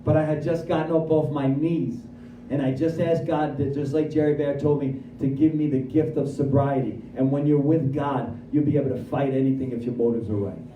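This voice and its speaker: A man giving a lively personal recovery testimony at a speaker meeting, acting out his own dialogue as he goes. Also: medium pitch, brisk, muffled recording, slight background noise. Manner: animated storyteller who acts out his own dialogue. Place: meeting room at a recovery center. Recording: echoey room, voice from far off.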